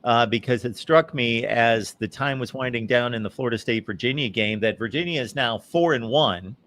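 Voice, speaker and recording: A man's voice: mid-range voice, moderate pace, fairly bright tone. A man hosting a live college football talk show, giving emphatic, opinionated commentary. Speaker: host. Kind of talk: live postgame sports talk.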